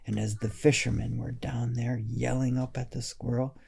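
A man narrating a children's story in a gentle, unhurried way. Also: mid-range voice, flat delivery, creaky, husky.

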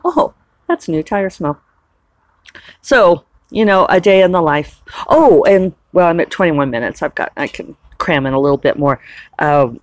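A woman's voice: deep voice, no echo. A woman in a casual, rambling chat who laughs often as she talks through her week. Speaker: author and vlogger.

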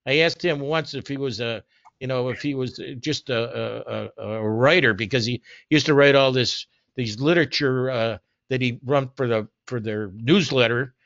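A man's voice: medium pitch, normal speed, vocal fry, a bit bright, no echo. A man reminiscing casually in a group conversation, rambling through anecdotes with many restarts and quoted dialogue. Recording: dull lo-fi recording.

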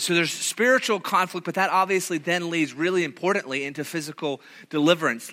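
A man preaching a sermon, telling a story with lively delivery and acting out quoted voices, with many restarts. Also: fairly high pitch, fast talker, hardly any pauses. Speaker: pastor.

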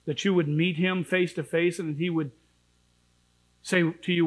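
A man preaching a sermon in a church, impassioned, swinging between shouted warnings and low pleading. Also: little pitch movement, normal speed, rough recording.

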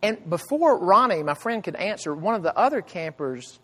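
A man's voice: big pitch swings, normal speed, husky. Earnest man preaching in a reverberant hall. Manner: earnest, builds to loud emphatic cries then drops to hushed low tones. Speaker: pastor. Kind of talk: sermon.

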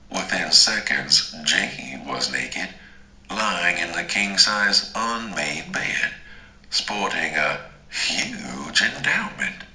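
A man narrating a first-person story in a slow, dramatic, deliberate way. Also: low-pitched, very animated, sharp tone, echoey room, poor audio. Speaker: audiobook narrator.

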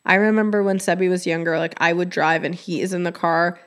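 A woman hosting a podcast in casual chat, candid and expressive, with her talk full of "like". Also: fairly low pitch, a little fast, smooth. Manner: chatty, heavy use of "like". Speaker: podcast host.

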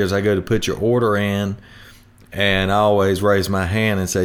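A man's voice: sits low, level tone, moderate pace. A man hosting a retirement planning show in a chatty, homespun way, rambling with restarts. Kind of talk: folksy radio talk.

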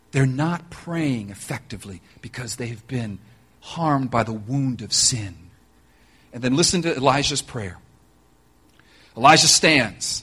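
Male pastor, husky and fairly high, lively storyteller who talks right to the room. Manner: animated storytelling with joking asides; addresses listeners directly. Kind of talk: sermon.

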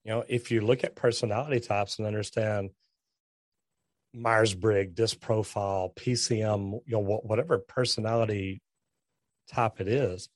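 A man talking as a podcast guest, direct and animated, acting out bits of dialogue as he explains. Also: fairly low pitch, no echo. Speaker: guest, trade business owner. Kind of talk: casual podcast conversation.

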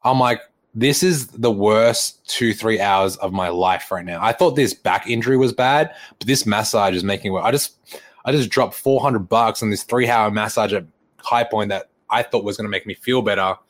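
Lively young man telling a story. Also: lowish voice, normal speed. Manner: animated retelling, acts out quoted dialogue, laughs often. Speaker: fitness coach. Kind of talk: casual storytelling.

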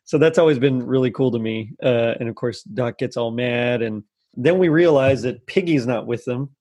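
A man chatting casually as a podcast co-host, his pitch sitting in an ordinary middle range. He rambles through his thoughts with plenty of fillers and breaks into laughter often. The tone is relaxed and friendly. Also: moderate pace. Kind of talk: casual chat about a holiday special. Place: lives in the U.S. South.

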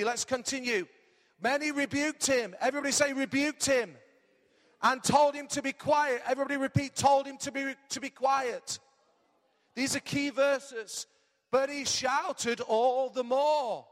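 A man preaching a lively sermon as pastor, his voice strained, calling the congregation to repeat words back. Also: extremely high pitch, unhurried, big-room sound. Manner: energetic, animated preaching with call-and-response.

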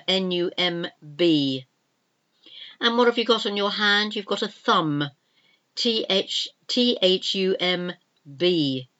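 An older woman gives a spelling lesson, repeating each word several times and spelling it out one letter at a time. She talks slowly, in a fairly low voice. The recording sounds dull and lo-fi. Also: a bit bright. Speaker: English teacher.

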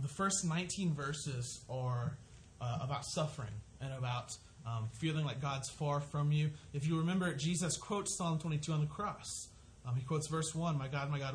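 A man's voice: a little high, slight background noise. A man preaching a sermon, earnest and conversational, often restarting his sentences as he works through a scripture passage. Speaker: pastor.

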